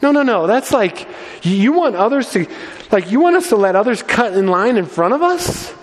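A pack of brash young men, eager and squabbling, whining in loose modern slang, as a preacher puts them on. The voice jumps way up high, and it rings out with long hall reverb. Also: male voice, animated, moderate pace, a little hiss or hum. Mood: whiny. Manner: whiny, overeager, casual modern slang.

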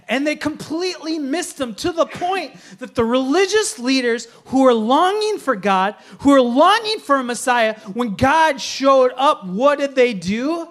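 A man with a strikingly high voice delivers a sermon to his congregation. He preaches with earnest emphasis and easily slips into a joking, playful aside. He sounds like a pastor speaking from the front of a church. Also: a bit bright.

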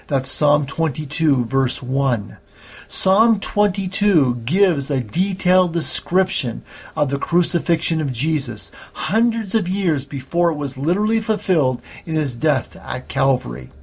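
A man preaching a sermon, teaching slowly and steadily through Bible passages. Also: fairly high pitch, animated, creaky, breathy edge. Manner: slow, measured Bible teaching with scripture readings.

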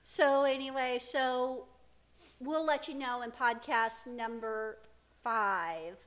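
Middle-aged mom on a podcast, high voice, rambly stories, laughs a lot. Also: female voice, steady tone, takes it slowly, a bit bright. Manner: chatty storytelling, frequent laughter. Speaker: podcast co-host, mother. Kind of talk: casual chat.

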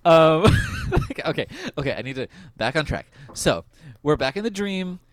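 A young man hosting a podcast, recapping an episode in casual chat, laughing often and filling pauses with "um" and "like". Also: a little high. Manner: laughs often, goofy and animated, lots of fillers. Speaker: podcast host.

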